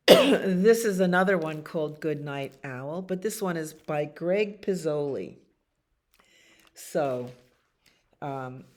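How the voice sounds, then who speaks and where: A woman reading picture books aloud to children at a library storytime, with chatty asides to her young listeners. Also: low-pitched.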